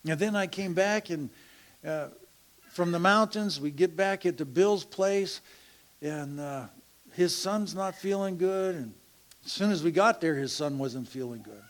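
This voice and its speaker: A middle-aged man shares a personal testimony at church. His voice sits a little high, and he speaks slowly and haltingly. He often drops to a hush. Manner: slow, halting storytelling with laughs and hushed asides. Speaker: church member sharing a testimony.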